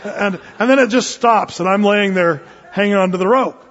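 A man's voice: sits high, normal speed, a bit bright, some chatter behind. A man preaching a sermon, telling a folksy personal story with lots of fillers and restarts, recorded in a church sanctuary. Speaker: pastor. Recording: dull recording in a reverberant hall.

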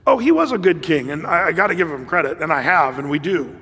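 A man preaching a sermon in a conversational, animated way, with laughs and fillers. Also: on the high side, quick pace, husky, in a large hall. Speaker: pastor.

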